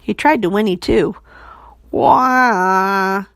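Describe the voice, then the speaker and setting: A woman's voice: mid-range voice, moderate pace, dry recording. Woman reading a children's book aloud. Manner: expressive, animated. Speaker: storybook reader.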